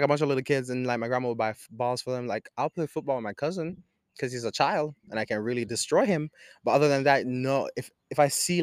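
A young man from Jamaica telling a casual story in a slangy, animated way, swinging between laughing and hushed tones. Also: mid-range voice, dry recording, studio quality.

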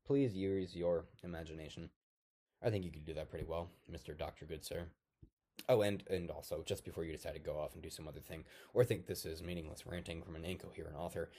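A bitter, volatile artificial toy man, played by a man, rambles through a dark comic monologue. His voice sits deep with a dark, mellow tone. He swears constantly and lurches between low mutters and sudden shouts.

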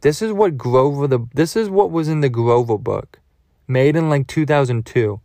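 Man, podcast host, rambling comedic monologue, crude jokes, middle pitch, dry close sound. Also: normal speed, mellow, no echo. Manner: crude, goofy, rambling storytelling.

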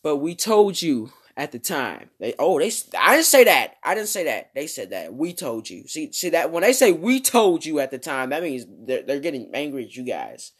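A man chatting through movie news with a bouncy, animated voice that swings up and down. He rambles casually and keeps cutting in with jokey asides to himself. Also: a little high, moderate pace, few pauses, husky.

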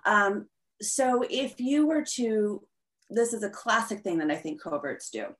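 A woman guest in a conversational interview, explaining at length in an animated way with frequent fillers. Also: medium pitch, a little slow.

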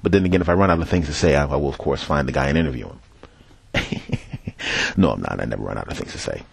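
A man's voice: rumbling low, lively intonation, quick pace, vocal fry, slightly rough, dry recording. A man from Philadelphia hosting a podcast, telling a profane, rambling story in a casual monologue while walking down a city street and talking into a headset mic. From Philadelphia, USA. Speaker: podcast host.

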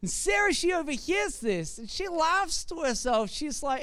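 A man's voice: very high voice, expressive, moderate pace, hardly any pauses, fairly bright tone, dry recording. A man preaching a sermon with conversational, jokey storytelling.

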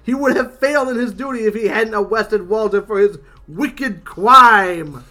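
A man voicing a cheerful, devoted male robot in an earnest, prim, slow manner, reading a comic aloud on a podcast. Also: sits high, bright, forceful tone.

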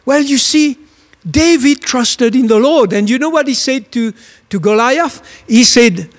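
A man's voice: very high-pitched, takes it slowly, a bit bright, in a large hall. A man preaching a sermon, telling a story emphatically and asking his listeners questions.

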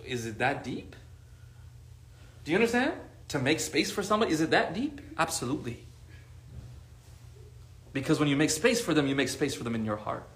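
A man giving a lively, conversational sermon to a group, acting out what friends would say. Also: a little high, a little fast, pauses often, reverberant. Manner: animated, conversational, acts out quoted friends. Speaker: religious teacher.

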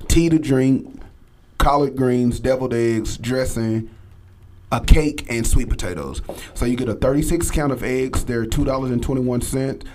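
Guy casually walking thru a cheap holiday menu, lots of ums, average pitch. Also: slight background noise. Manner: relaxed, lists items and prices with fillers. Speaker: guest cook. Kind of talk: casual radio chat, recipe rundown.

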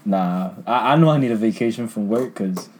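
A young man on a casual podcast, telling profane, animated stories about work and acting out customers. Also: brisk, slight background noise. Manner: animated, profane, acts out customers in higher voices. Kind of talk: casual storytelling chat.

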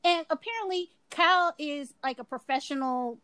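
A woman's voice: high voice, moderate pace, pushed and bright, no echo. A Southern woman co-hosting a casual podcast, talking in a brash, teasing, flirtatious way. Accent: Southern American. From Southern United States. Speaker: podcast co-host.

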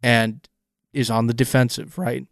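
A man's voice: mid-range voice, steady tone, unhurried, gravelly, dry recording, studio quality. A man co-hosting a casual podcast, picking apart a film scene with enthusiastic, rambling analysis and frequent restarts. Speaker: podcast co-host.

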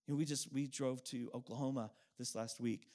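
A middle-aged pastor delivering a sermon in an earnest, heartfelt way. He tells personal stories with pauses and repeated lines, his voice sitting at an ordinary middle pitch for a man. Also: steady tone, dark tone. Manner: earnest, emotional storytelling with pauses and repetition.

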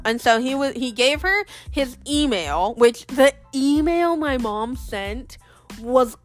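Young woman, higher voice, casual storyteller who acts out the people she quotes, faint music under her voice. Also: lively intonation, normal speed. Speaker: vlogger.

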